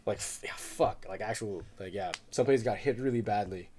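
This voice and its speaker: A man's voice: fairly low pitch, normal speed, darkish tone. A man in his twenties who grew up in the Philippines, chatting casually in a loose, profane way, with lots of filler words and frequent laughs. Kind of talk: casual chat.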